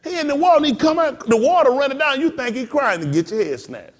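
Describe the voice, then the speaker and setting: Animated high-voiced preaching man. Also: fast talker. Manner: folksy preaching with mock voices and laughter. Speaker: pastor. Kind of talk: sermon.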